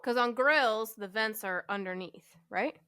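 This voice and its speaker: A woman's voice: on the high side, unhurried, sharp tone, clear, resonant tone. A woman co-hosting a podcast in casual chat, teasing and laughing with her partner. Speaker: podcast co-host.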